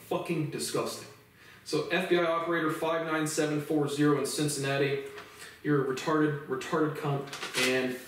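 A man's voice: mid-range voice, slight background noise. A man in his twenties ranting angrily on his own, swearing a lot and stumbling over restarts as he talks. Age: 20s. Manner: profane, heated, repetitive restarts. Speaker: vlogger. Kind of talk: angry monologue rant. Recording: very echoey room, voice far from mic.

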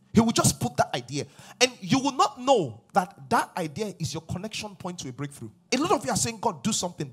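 A man preaching a sermon as pastor, swinging from loud exhortation to hushed asides. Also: sits high, very animated, normal speed, slightly rough.

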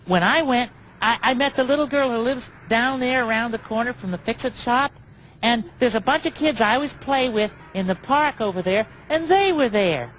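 A man voicing a big, gentle, childlike bird on children's TV, talking earnestly and sing-song to the viewer. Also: very high-pitched, normal speed, slight background noise, poor audio. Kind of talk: children's TV chat to camera.

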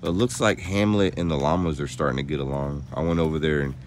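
A young man vlogging casually around his farm and new house, chatting, laughing often and using high baby talk with the animals. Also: fast talker, slight background noise. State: soaked from rain. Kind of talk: casual vlog narration. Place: outdoors on a farm, and a house under construction.

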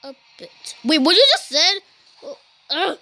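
Playfully commenting on gameplay, a woman YouTuber banters with cartoon characters, giggles, and swaps swear words for "beep." She sounds high-pitched, bright, and forceful, expressive yet unhurried.

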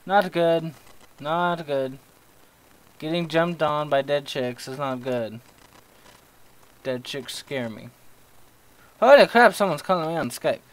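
A young man with a fairly high voice talks slowly, with long pauses, over poor-quality audio. He's commentating his own horror game let's play, cracking jokes to himself and yelping whenever something startles him.

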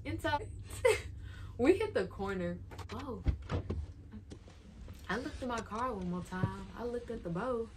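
A woman's voice: on the high side, lively intonation, a little slow, pauses often, background noise. Chatty young woman vlogger. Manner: chatty, retells moments with "I'm like" quotes. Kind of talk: casual storytelling vlog.

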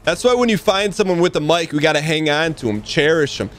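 A man's voice: on the high side, lively intonation. A young man hosting a stream, casually chatting and joking while he interviews a player over game voice chat. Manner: friendly, joking, asks quick questions. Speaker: streamer host.

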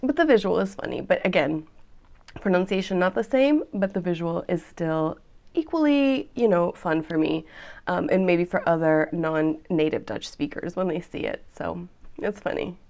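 A woman's voice: fairly low pitch, animated, moderate pace, creaky, darkish tone. A woman, hosting a vlog and chatting to viewers between giggles. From United States. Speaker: vlog host. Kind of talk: casual chat to camera.

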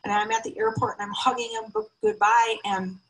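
A woman in her fifties telling a personal story on stage, emotional and heartfelt, her voice often jumping high. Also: sing-song, brisk, vocal fry, poor audio. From United States. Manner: emotional, heartfelt, with sudden high pitch lifts.

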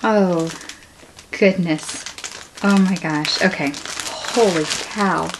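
An excited woman vlogger speaks into a camera on a tripod. She gushes breathlessly and keeps dropping to a near whisper. The recording carries a clear layer of background noise. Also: fairly low pitch, extremely slow. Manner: breathless, gushing, drops to whispers. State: shaking with excitement. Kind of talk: excited unboxing vlog.

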